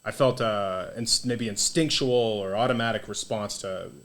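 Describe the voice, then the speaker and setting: A man, a podcast guest, telling a story in a casual, animated and profane way, full of "dude" and "like". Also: on the low side, moderate pace. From United States.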